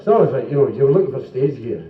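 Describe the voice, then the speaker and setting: A Scottish man telling quick jokes in a live stand-up set, slipping into comic voices and asides. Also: mid-range voice, lively intonation, a crowd in the background. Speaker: stand-up comedian and singer. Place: club function room before a live audience. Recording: 1970s live club recording, roomy, dull, from far off.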